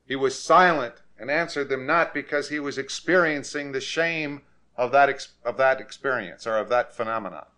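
A male preacher leads his listeners through scripture and calls on them to read aloud. He talks in a plain middle register, and he builds to forceful, repeated declarations when he drives a point home. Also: medium pitch, moderate pace. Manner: emphatic, rises to forceful repetition. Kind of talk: sermon.

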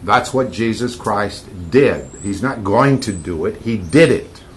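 A man's voice: on the low side, expressive, a little slow, a little hiss or hum. A man giving informal Bible teaching to a group, emphatic, repeating key words and bantering with his listeners.

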